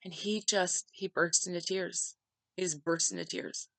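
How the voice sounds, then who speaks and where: Woman podcast host with a bright, tense tone and a dry, close sound; a heartfelt, chatty storyteller who says "like" a lot. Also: lowish voice, fairly even intonation, measured pace, creaky, no echo, rough recording. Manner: conversational, heartfelt, many filler "like"s. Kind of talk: personal storytelling monologue.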